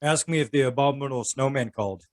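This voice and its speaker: A man's voice: mid-range voice, fast talker. A man co-hosting a casual chat in a laid-back, joking way, swearing casually. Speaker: podcast co-host and father.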